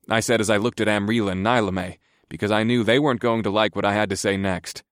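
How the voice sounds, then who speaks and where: A male narrator reading a first-person fantasy audiobook, steady and even in his storytelling. His voice sits low, and the recording is close and dry, with no room sound. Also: fast, hardly any pauses, dry recording.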